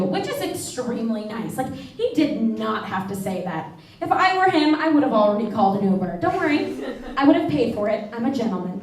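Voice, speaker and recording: High-voiced woman doing stand-up. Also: very animated, fairly quick. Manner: oversharing, self-mocking, laughs between punchlines. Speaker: stand-up comedian. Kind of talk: stand-up comedy set. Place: theater stage with live audience. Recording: distant, echoey live stage recording.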